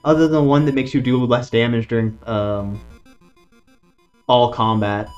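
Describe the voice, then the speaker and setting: A man's voice: medium pitch, normal speed. A man streaming a horror board-style game, reading its text aloud and reacting with casual jokes and swearing. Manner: animated, swears casually, jokes at his own bad luck. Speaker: gaming streamer. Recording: dull lo-fi sound with faint music behind.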